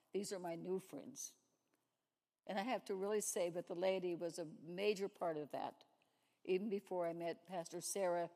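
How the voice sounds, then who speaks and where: A woman's voice: fairly low pitch, mellow. A woman giving a sermon-like testimony at a church service, telling stories and acting out the dialogue. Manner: storytelling, acts out dialogue. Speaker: lay speaker at a church service. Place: church sanctuary. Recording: long reverb in a church hall.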